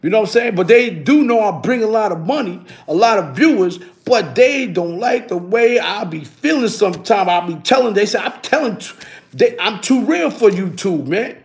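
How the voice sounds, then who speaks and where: A man's voice: sits high, moderate pace. A man, telling casual stories on his stream and tossing in "you heard?" all the time. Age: 50s. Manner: animated, keeps adding "you heard?". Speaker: YouTube streamer. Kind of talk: casual storytelling.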